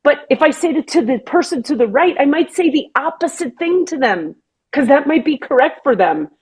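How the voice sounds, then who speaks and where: A woman hosting a podcast, talking earnestly and with feeling in casual chat, sometimes slowing down to stress a point. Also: sits high, lively intonation, a little mellow, rough recording. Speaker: podcast host.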